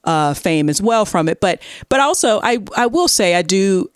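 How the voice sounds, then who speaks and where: A woman hosting a podcast, telling a story in casual chat and acting out quotes in a higher voice. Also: big pitch swings, moderate pace, smooth, dry recording, clean studio sound. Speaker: podcast host.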